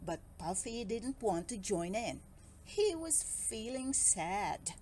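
A woman reading a children's picture book aloud in an expressive, sing-song storytelling manner. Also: mid-range voice, takes it slowly, a little hiss or hum.

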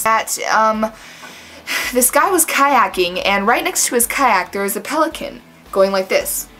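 A woman's voice: medium pitch, fairly bright tone. A woman telling a story to her camera in a casual vlog, chatty and full of fillers. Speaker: vlogger.

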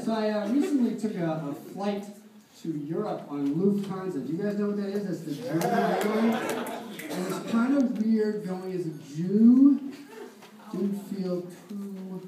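A man's voice: high voice, mellow. A man doing a loose, rambling amateur stand-up set, chuckling at his own jokes. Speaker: stand-up comedian. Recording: echoey room, far mic, noisy.

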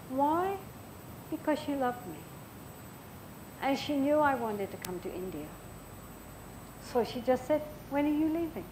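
An older woman gives a dharma talk as a Buddhist teacher. Her voice sits a little high, and she speaks gently and thoughtfully. She tells personal stories slowly and pauses often. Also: a little hiss or hum, poor audio. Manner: gentle, reflective storytelling with frequent pauses.

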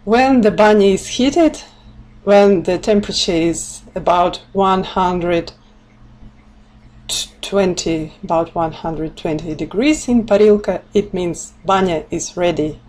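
A woman's voice: lowish voice, slow, darkish tone. A woman from Siberia with a Russian accent, giving a chatty live-streamed explanation in English as a language teacher, laughing often and mixing in Russian words. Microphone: laptop or webcam mic.

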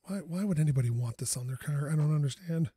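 A man's voice: fairly high pitch, fast, husky, no echo. A man hosting a gaming channel, talking to himself through a let's play and swearing when things go wrong. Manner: animated, self-talking, swearing when frustrated.

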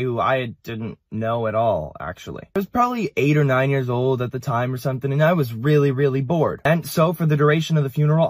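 A man's voice: medium pitch, no room sound, studio quality. Man telling a wry storytime. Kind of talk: casual storytime.

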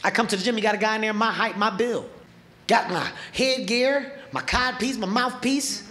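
A male comedian telling a story on stage into a handheld mic, animated and profane, acting out scenes. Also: high voice, normal speed. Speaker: stand-up comedian. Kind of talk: stand-up storytelling. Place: large comedy venue on stage.

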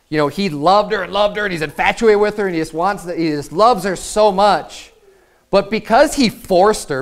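Smooth-voiced male pastor preaching conversationally. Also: fairly high pitch. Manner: conversational, repeats words while paraphrasing scripture. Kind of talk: sermon.

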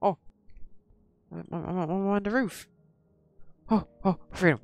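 A man's voice: fairly high pitch, expressive, moderate pace, long pauses, fairly bright tone, faint music behind. A man hosting a horror game let's-play, jumpy and swearing, chatting to the characters on screen. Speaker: gaming channel host.

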